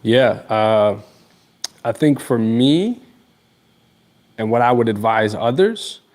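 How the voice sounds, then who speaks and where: A man's voice: medium pitch, animated, slow, darkish tone. Man giving loose casual advice. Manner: loose, searching for words, many fillers. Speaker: co-host.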